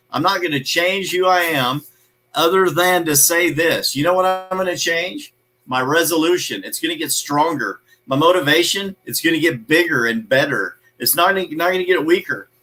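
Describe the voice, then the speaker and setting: Over poor audio, a man with a rather high, sharp voice hosts a live motivational show. He speaks emphatically and preachily, repeats his key phrases, and greets viewers by name.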